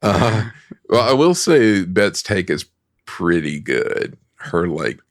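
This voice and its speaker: A man's voice: low-pitched, sing-song, slow, no room sound, studio quality. A man co-hosting a casual film review chat, reacting animatedly and mimicking characters. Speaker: podcast co-host.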